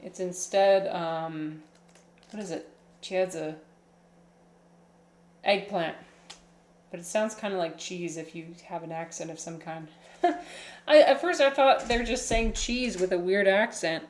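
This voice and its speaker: A woman's voice: lowish voice, unhurried. Chatty woman streamer, echoey room. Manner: chatty and playful, cooing baby talk to her pet. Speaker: livestream host. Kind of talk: casual streaming chat and reading aloud. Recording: echoey room with music playing.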